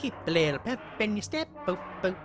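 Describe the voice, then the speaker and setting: A woman streaming a horror game live, chatting with viewers between playful in-character asides and breaking into excited yelps during chases. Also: mid-range voice, fairly quick, noisy background. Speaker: gaming streamer. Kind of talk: live game commentary with chat.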